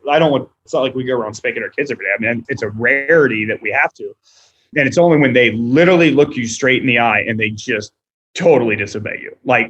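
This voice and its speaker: A man in his thirties chatting casually as a podcast guest, telling animated stories and quoting people in voices. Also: mid-range voice, husky, low-quality recording. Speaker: podcast guest, restaurant owner.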